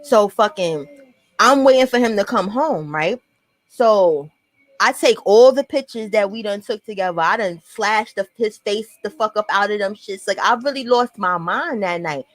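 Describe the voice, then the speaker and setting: A young woman with a New York accent telling a profane, animated storytime and acting out what people said. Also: mid-range voice, moderate pace, no echo. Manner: profane, animated, acts out quotes. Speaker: storyteller vlogger. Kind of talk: casual storytime monologue.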